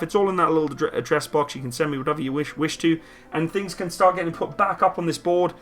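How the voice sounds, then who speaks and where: A man's voice: fairly high pitch, fairly even intonation, fast, hardly any pauses, fairly bright tone, soft background music. A man hosting a casual live stream from a room at home, reading viewer comments aloud and answering them upbeat.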